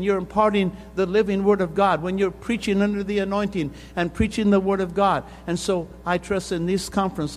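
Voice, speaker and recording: Older guy preaching, pretty high voice, big echoey hall w/ faint hum, tells it like a story and ramps up. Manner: storytelling, rising to intense emphasis. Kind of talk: sermon. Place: conference hall.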